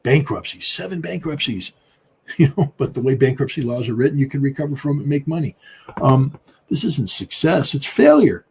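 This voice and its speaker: A man with a husky, slightly breathy voice gives political commentary. He talks emphatically and combatively. His voice jumps up in pitch and loudness to hammer home his points. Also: lively intonation, moderate pace. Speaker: political commentator, former weapons inspector.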